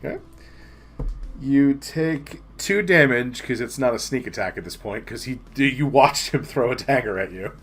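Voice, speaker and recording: A man's voice: mid-range voice, normal speed, a bit bright, husky. A man narrating as game master in a casual, often laughing tabletop session.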